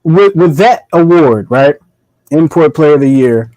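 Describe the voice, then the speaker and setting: A man hosting a podcast interview, relaxed and asking long, winding questions. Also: a little high, dry recording, low-quality recording. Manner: relaxed, asks drawn-out questions. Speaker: podcast host. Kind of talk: casual interview.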